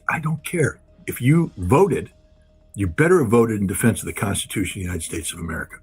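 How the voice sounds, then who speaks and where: A man's voice: lowish voice, expressive, fairly quick, vocal fry, husky, soft background music. A man giving impassioned, blunt political commentary as a guest, repeating phrases for emphasis.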